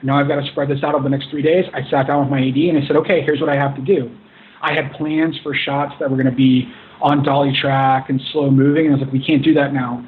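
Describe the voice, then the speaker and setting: A man speaks in an earnest, rambling way, often restarting his sentences as he explains his work as a film director. His voice sits in an ordinary middle pitch. The sound is thin and phone-like, with the full range of the voice cut away. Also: flat delivery, fast talker. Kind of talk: casual interview. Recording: tinny phone-like line.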